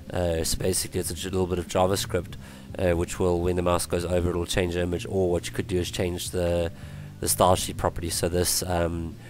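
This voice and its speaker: A man explaining web page coding in a screen-recorded tutorial, his voice worn from illness, halting with many ums and restarts. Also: deep voice, a little mellow, slight background noise. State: voice going from illness. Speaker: tutorial presenter.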